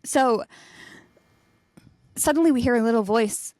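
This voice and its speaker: A woman's voice: a little high, unhurried, noisy background. Young woman telling stories with laughs. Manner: animated storyteller, laughs mid-sentence. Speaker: podcast co-host. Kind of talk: casual chat.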